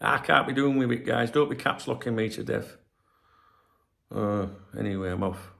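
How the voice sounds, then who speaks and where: A man's voice: medium pitch, moderate pace, gravelly, fairly bright tone. A tired man hosting a football channel, ranting bluntly with heavy swearing. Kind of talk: late-night ranting vlog.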